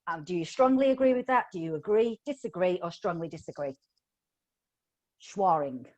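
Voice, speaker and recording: A woman's voice: on the low side, expressive, quick pace, darkish tone, dull audio. Woman, middle-aged, upbeat teacher trainer, playful, video call audio. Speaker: phonics trainer. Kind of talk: live online teacher training.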